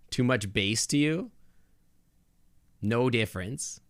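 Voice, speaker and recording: A man's voice: mid-range voice, lively intonation, moderate pace, sharp tone, no echo. A male game streamer chatting casually with his viewers on a close desk microphone, thinking aloud with lots of restarts and asides.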